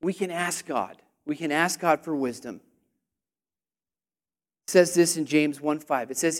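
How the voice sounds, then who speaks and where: A man with a high, light voice preaches a sermon with lots of energy. He calls out to the congregation and waits for their answers. At his peaks he nearly shouts. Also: unhurried, pauses often. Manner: energetic, call-and-response, rising to near shouting.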